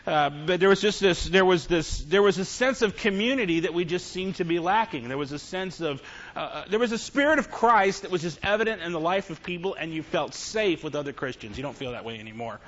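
Middle-aged guy preaching, kinda high voice, jokey confessional stories, muffled lo-fi recording. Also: lively intonation, brisk. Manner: humorous, confessional storytelling to a congregation. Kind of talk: sermon. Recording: dull lo-fi recording.

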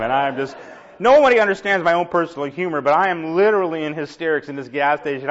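Animated high-voiced male preacher, lo-fi. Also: brisk. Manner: animated, laughing, acts out quoted voices. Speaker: pastor. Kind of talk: storytelling sermon. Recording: dull lo-fi recording.

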